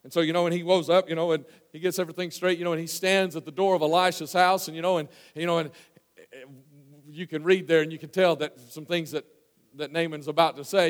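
In his church sanctuary, a pastor delivers a folksy, storytelling sermon, stumbling through restarts and fillers while swinging between hushed and loud. His voice sits high for a man, flat and quick, ringing with long hall reverb.

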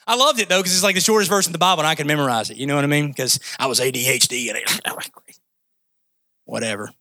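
A man's voice: a little high, fast, sharp tone. A man preaching a sermon in a conversational, impassioned way, climbing to emphatic peaks and dropping into casual asides. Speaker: pastor.

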